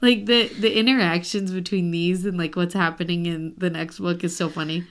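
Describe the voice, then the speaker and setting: A woman's voice: fairly low pitch, steady tone, moderate pace, clear, resonant tone. A young woman co-hosting a casual book podcast, gushing over a novel, reading excerpts aloud and laughing often. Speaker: podcast co-host.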